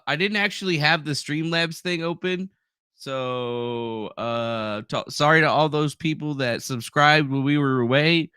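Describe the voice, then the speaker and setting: A man's voice: mid-range voice, bright, forceful tone, clean tone, no room sound, clean studio sound. A man hosting a live stream in a loose, rambling way, swearing and reading out viewers' names from the chat. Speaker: livestream host.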